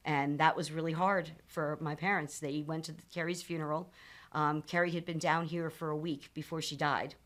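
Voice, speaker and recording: A woman in her fifties with a low voice tells a personal story on a podcast. She speaks candidly and earnestly, pausing on ums and restarting her sentences as she goes. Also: fairly even intonation, a bit bright. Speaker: podcast guest, nonprofit founder.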